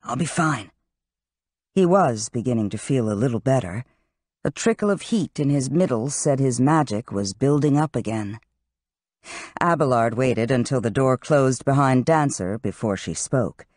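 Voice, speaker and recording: Fantasy audiobook narrator, really lively up-and-down reading, dry close mic. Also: mid-range voice, moderate pace, no echo.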